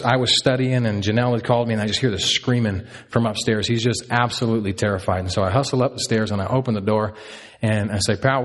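A man in his thirties preaching a sermon as a pastor, earnest and repeating key lines for emphasis. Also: lowish voice.

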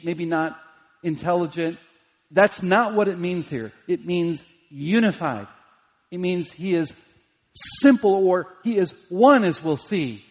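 Male pastor, high voice, slow emphatic preaching, long hall reverb. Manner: emphatic, dwells on single words. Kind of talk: sermon. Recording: dull lo-fi recording in a reverberant hall.

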